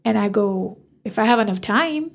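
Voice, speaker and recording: A woman's voice: medium pitch, moderate pace, vocal fry. A woman, a hairstylist, telling a story in a casual interview and acting out the dialogue. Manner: animated, acts out quoted dialogue. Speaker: hairstylist guest.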